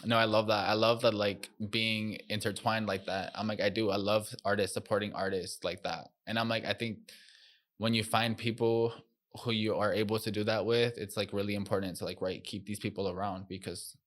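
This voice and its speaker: A man with a low voice hosts a podcast in relaxed casual chat. He rambles eagerly and fills his talk with constant fillers. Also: a little fast. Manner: rambling, heavy "like, right" fillers, enthusiastic. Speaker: podcast host.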